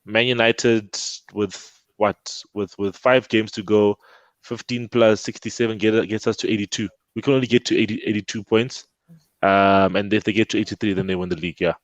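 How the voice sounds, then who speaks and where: A man's voice: on the low side, moderate pace, no room sound. A man on a football podcast chatting casually, repeating words as he thinks. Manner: excitable, repeats words when excited. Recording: dull lo-fi call audio, dry.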